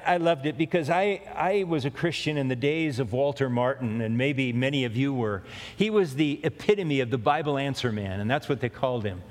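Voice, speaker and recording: A pastor giving a conversational sermon, often repeating key phrases for emphasis. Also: male voice, mid-range voice, in a large hall.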